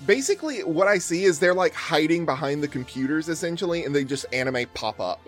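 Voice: medium pitch, expressive, brisk, soft background music. A game master narrating a tabletop role-playing game and explaining the rules plainly.

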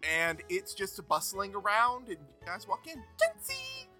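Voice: medium pitch, moderate pace, pushed and bright, faint music behind. A game master narrating a tabletop role-playing game in an easygoing, descriptive way.

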